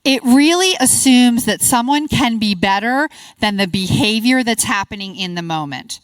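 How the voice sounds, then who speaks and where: A middle-aged woman presenting at a conference workshop, upbeat and encouraging, quick to praise the audience's answers. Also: a little high, lively intonation, clean tone, no echo. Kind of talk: interactive workshop talk.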